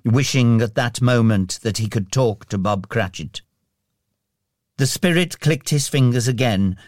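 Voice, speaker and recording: Slow, expressive male storyteller. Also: medium pitch, dry recording, clean studio sound. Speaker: narrator. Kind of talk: storybook narration.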